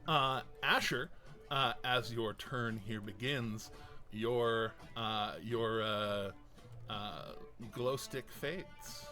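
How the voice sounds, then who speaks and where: A man narrating as game master of a tabletop game, excitable and quick to laugh. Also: mid-range voice, music in the background.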